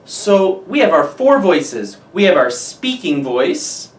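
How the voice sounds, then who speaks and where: A woman's voice: low voice, big pitch swings, slow. A woman teaching children a music lesson, patient and guiding them to repeat after her. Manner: patient, demonstrates each voice type. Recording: roomy room from a distance.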